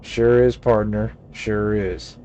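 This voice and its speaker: Folksy drawling old cowboy, low-voiced, a man puts it on. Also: steady tone, slow, mellow, highs cut off, a little hiss or hum.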